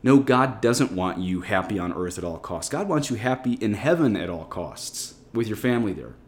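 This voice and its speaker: A Catholic priest preaches in a lowish voice, leaning hard on his key words and swinging them up for emphasis. His delivery is a forceful pulpit sermon. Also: animated, moderate pace.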